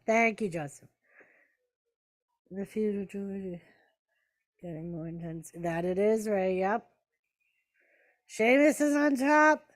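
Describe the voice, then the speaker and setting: Slow and mid-range, with long pauses, a woman's voice hosts a casual watch-party stream. She chats, answers viewers, calls the action and talks to her pets.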